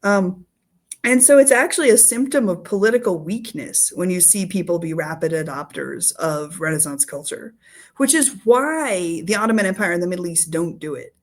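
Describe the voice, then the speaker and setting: A woman's voice: lowish voice, lively intonation, moderate pace. A woman historian in a casual interview, explaining history in a playful storytelling way with acted quotes. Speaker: historian guest.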